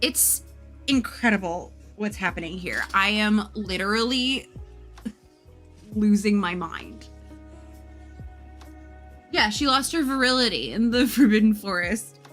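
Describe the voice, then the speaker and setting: A woman's voice: mid-range voice, lively intonation, unhurried, pauses often, fairly bright tone, soft background music. A woman streamer who reads fan fiction aloud for laughs, with amused asides and thanks to her viewers. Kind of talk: comedic live reading of fan fiction.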